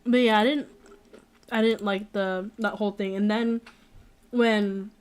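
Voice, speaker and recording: A woman's voice: medium pitch, steady tone, a little slow, slight background noise. A young woman chatting casually in a Q&A, rambling with many fillers and restarts, blunt and opinionated. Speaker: streamer. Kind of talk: casual chat.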